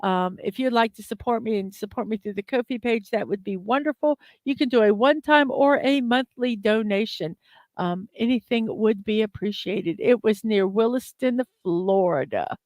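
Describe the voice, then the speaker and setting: A woman's voice: on the high side, normal speed, no echo. A woman hosting a daily morning livestream, chatting casually and giggling as she talks to viewers in the chat. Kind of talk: casual live-stream chat.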